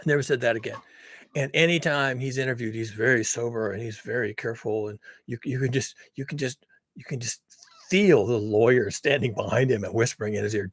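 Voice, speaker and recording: A sardonic man rants to camera in a husky, slightly breathy voice. He is blunt and swears freely, and the dry sound has no room echo. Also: mid-range voice, brisk. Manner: sardonic, blunt and profane, laughs often. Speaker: climate commentary vlogger. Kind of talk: casual monologue to camera.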